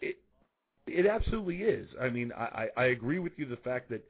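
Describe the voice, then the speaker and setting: A man's voice: medium pitch, very animated, fairly quick, husky. Hesitant male caller on a phone line. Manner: hesitant, stammering. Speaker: radio caller. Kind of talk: call-in conversation.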